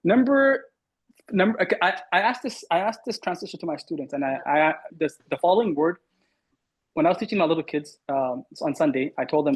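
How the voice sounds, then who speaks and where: A man with a somewhat raised, husky voice runs an online Arabic lesson. He quizzes his students and corrects their answers firmly, often repeating a word several times. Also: on the high side, expressive, a little fast, rough recording. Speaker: Arabic teacher. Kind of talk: online class teaching.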